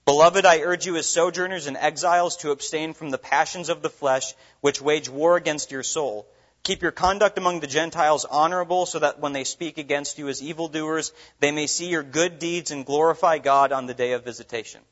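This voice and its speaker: A man's voice: fairly high pitch, steady tone, brisk, fairly bright tone. A man from Minnesota preaching a sermon as pastor, earnest and full of rhetorical questions. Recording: dull lo-fi recording.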